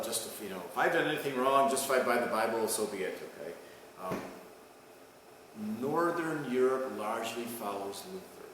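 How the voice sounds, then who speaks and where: A man giving a recorded college history lecture in a conversational way. He keeps checking in with "okay?" and "right?" and often restarts his phrases. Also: medium pitch. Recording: echoey far-off room mic with noise.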